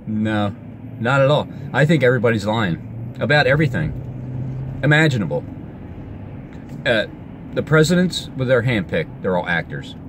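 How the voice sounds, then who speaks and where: Out on the street, a man vlogs in an excitable, rambling monologue, his pitch leaping all over the place. He speaks at a normal speed but keeps stopping, restarting, trailing off mid-sentence and leaving long pauses. Cars and street noise come through clearly behind him.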